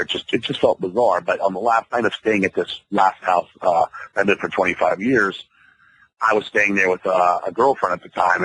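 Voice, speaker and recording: A man with a low, bright voice tells a story at a quick clip. He rambles, curses often and acts out his own reactions. This is a casual radio interview. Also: low-quality recording. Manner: profane, rambling, animated. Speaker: interview guest.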